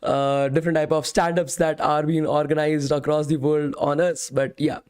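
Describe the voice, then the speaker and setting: A man's voice: on the high side, flat delivery, moderate pace, darkish tone, smooth. A young man from India with an Indian English accent, leading a live coding bootcamp class with a voice strained from talking all day, chatty and often saying "okay" and "guys". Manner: chatty, repeats "okay" and "guys", reads chat questions aloud.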